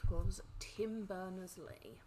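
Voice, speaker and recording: Slow-reading woman quiz host. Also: fairly low pitch, steady tone, dark tone, a little hiss or hum, poor audio. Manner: reads slowly, stumbles over hard names. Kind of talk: casual home quiz video.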